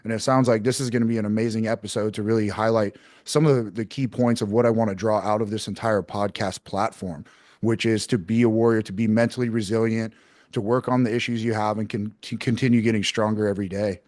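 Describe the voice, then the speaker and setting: A man hosting a podcast interview, chatty and energetic, laughing often as he talks. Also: on the low side, quick pace, no echo, clean studio sound. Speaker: podcast host.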